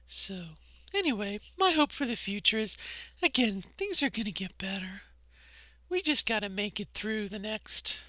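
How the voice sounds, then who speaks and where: A middle-aged woman vlogging a personal monologue, impassioned and conversational, often checking in with a quick "okay?". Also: mid-range voice, bright, forceful tone, dry recording.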